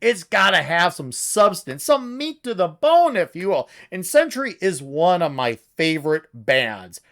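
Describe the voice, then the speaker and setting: A man reviewing his favorite metal albums in a casual vlog, talking in an excitable, gushing way with sudden outbursts and casual swearing. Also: high voice, a little slow.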